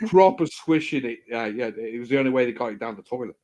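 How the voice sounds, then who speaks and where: Brief: male host, crude swearing storyteller, lively rising and falling voice. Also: mid-range voice, fast, lo-fi sound, crowd noise. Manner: crude, swearing, animated anecdotes. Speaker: stream host. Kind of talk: casual storytelling chat.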